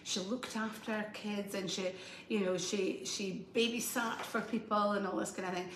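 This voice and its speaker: A woman guest singer chatting quietly between songs, easing away from the mic at times. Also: mid-range voice, fairly even intonation, normal speed, echoey room, a little hiss or hum. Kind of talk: casual chat between songs. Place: home kitchen.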